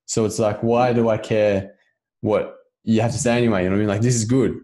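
A man with a somewhat low voice talks earnestly in a relaxed podcast chat. His speech is loose and conversational, peppered with check-ins to the other person. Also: a little fast. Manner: earnest, loose, keeps asking "you know what I mean".

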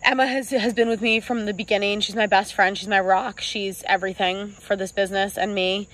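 A young woman in her twenties, the founder of a small clothing brand, telling her own story in a vlog, earnest and halting, with many ums and restarts, close to tears at times. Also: mid-range voice, flat delivery, fairly bright tone, poor audio.

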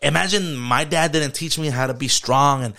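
A man's voice: fairly high pitch, moderate pace, creaky, pushed and bright. A man in his thirties chatting casually on a podcast, loose and slangy, dropping Spanish words into his talk. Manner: laid-back slang-heavy talk mixing in Spanish. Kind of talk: casual chat.

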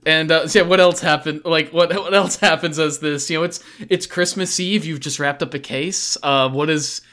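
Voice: medium pitch, fairly even intonation, moderate pace, a bit bright. A game master narrating a comic tabletop game scene, chatty and laughing often, with lots of fillers.

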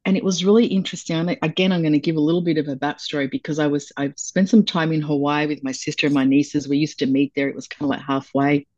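A woman with a fairly low voice talks things through thoughtfully and pauses to find her words. Her audio is dull and lo-fi, with no room sound at all. She comes across as a guest on a casual podcast. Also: steady tone, a little mellow, no echo. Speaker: guest, breathwork coach. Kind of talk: casual conversation.

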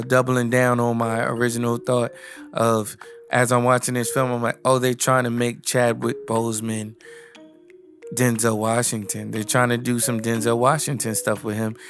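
A man giving a casual, rambling movie review, full of fillers and restarts, with light music behind him. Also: mid-range voice. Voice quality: flat, rambling with many restarts. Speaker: film reviewer.

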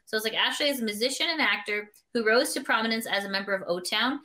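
A woman's voice: fairly high pitch, fast talker, sharp tone. A woman from Canada co-hosting a podcast, chatting casually and gushing, easily sidetracked. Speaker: podcast co-host. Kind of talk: casual chat.

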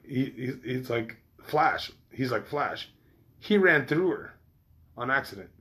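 A man chatting casually to his viewers, rambling, swearing freely and restarting his sentences often. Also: medium pitch. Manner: rambling, loose and profane, with many restarts. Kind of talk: casual chat.

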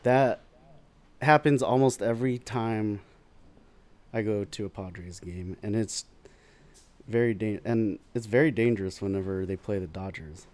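A man's voice: lowish voice, a little slow, long pauses. A man telling stories in casual chat, swearing freely and acting out the voices of others. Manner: animated storytelling, acts out voices, swears freely.

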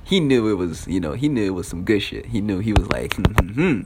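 A man's voice: lowish voice, animated, fast, background noise. A young man telling a casual story in a loose, profane style, with lots of fillers.

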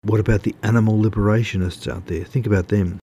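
A man's voice: fairly low pitch, fairly even intonation, fast talker, mellow, husky. A man voicing a smug male magazine editor who lectures a writer over the phone. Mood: smug lecturing.

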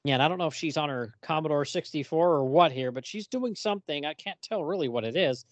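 A podcast co-host with a fairly high voice talks fast, with no room sound, chatting casually while reviewing a comic. He laughs often and reads quotes aloud.

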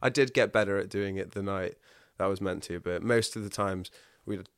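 A man with a low, smooth, resonant voice, talking casually as a guest. He tells animated stories and laughs often. The sound is dry and close. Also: brisk, dry recording. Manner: animated, laughing, acts out quotes. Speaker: podcast guest. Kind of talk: casual storytelling chat.

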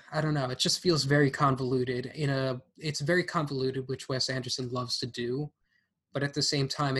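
A man's voice: medium pitch, a bit bright. A man co-hosting a podcast, casually ranking films and hedging his opinions with lots of fillers and restarts. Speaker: podcast co-host. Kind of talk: casual film-ranking chat.

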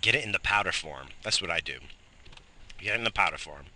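A man's voice: sits low, quick pace, slight background noise. A man in his thirties hosting a morning show, ranting casually with heavy swearing, coughs and sighs, recorded outdoors while smoking. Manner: profane, animated ranting with frequent coughs and sighs. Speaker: host of a morning radio show. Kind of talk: casual rambling monologue.

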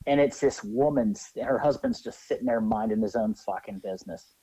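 A man co-hosting a podcast, telling crude anecdotes in an animated, profane way. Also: on the low side, a little fast, slightly rough, no room sound, rough recording. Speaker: podcast co-host. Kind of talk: crude casual storytelling.

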